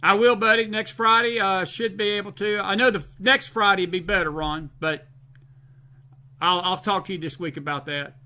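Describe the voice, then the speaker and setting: High, bright-voiced Southern American man hosting. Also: steady tone, normal speed. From Southern United States. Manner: emphatic, repeats phrases for stress. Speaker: host. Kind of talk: late-night live-stream talk, reading viewer comments.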